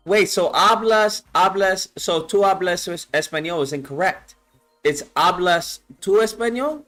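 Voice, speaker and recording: A man hosting a live call-in show, reacting with excitable disbelief and casual swearing. His voice is a little high. Faint music runs underneath. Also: unhurried. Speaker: host.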